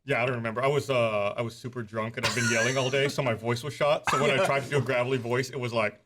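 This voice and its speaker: A man joining a podcast as a guest, talking in a halting way with many fillers and restarts. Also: mid-range voice, fairly even intonation, noisy background. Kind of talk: casual chat.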